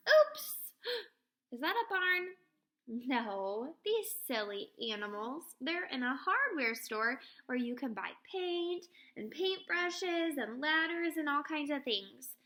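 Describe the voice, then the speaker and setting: A woman teacher reading a picture book aloud to children, expressive and pausing to ask them questions. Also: high voice.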